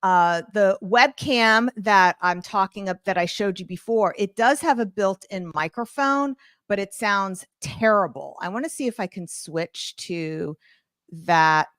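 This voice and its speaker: With a medium-pitched, slightly bright voice and a slightly slow pace, this woman teaches a live online art course. The recording is dry, and she chats informally, joking about her home studio microphone setup.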